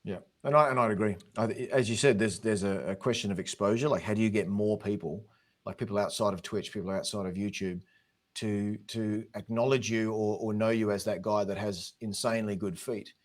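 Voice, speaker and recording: A man's voice: fairly low pitch, steady tone, fairly quick. A man with an Australian accent, a guest drummer giving earnest, encouraging advice in a casual chat. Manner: earnest, talks in long encouraging runs.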